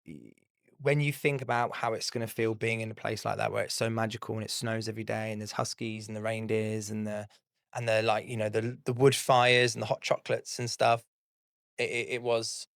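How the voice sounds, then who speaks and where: A man in his thirties, co-hosting a podcast in relaxed, casual chat and swearing easily. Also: on the low side, a little fast, gravelly, dry recording, studio quality. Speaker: podcast co-host.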